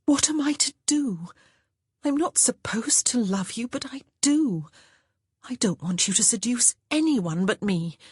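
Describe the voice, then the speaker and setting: A woman's voice: fairly high pitch, expressive, a little slow, darkish tone, breathy edge, dry recording, clean studio sound, voice pushed up, exaggerated voice. A woman voicing a desperate young society lady in love, speaking in a pleading, breathless and urgent way in an audiobook. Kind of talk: audiobook character voice.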